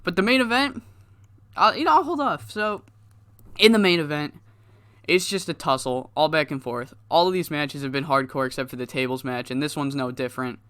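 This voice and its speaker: A man talking through his playthrough in a smooth, clean voice. The sound is close and dry, with no room around it. His delivery is casual and rambling, with plenty of swearing. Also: fairly high pitch, fairly quick, a bit bright, no echo. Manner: loose, rambling, profane, laughs at himself. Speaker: gaming YouTuber. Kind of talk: casual game commentary.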